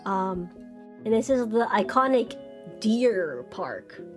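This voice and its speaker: A woman's voice: mid-range voice, big pitch swings, takes it slowly, faint music behind. A young woman streaming, chatting casually and bubbly, jumping up into squeals when she greets her chat.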